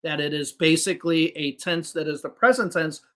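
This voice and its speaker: A man's voice: a little high, moderate pace, bright, forceful tone. A man who is a native English speaker and works as an English teacher, patiently explaining grammar with spoken examples in a podcast conversation.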